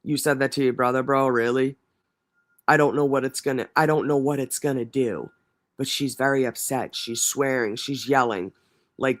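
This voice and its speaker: A man's voice: medium pitch, a bit bright. Man mockingly reading court testimony aloud. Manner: mocking, swears in asides. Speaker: livestream co-host. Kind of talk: reading trial testimony aloud with sarcastic asides.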